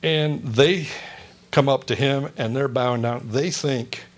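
A man's voice: mid-range voice, a little slow. A male pastor giving a conversational sermon, joking and asking the congregation questions.

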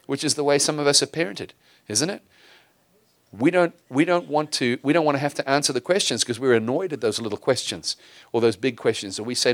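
A man's voice: medium pitch, animated, brisk, a bit bright, no echo. A man preaching a sermon in an earnest way, with emphatic bursts and frequent restarts.

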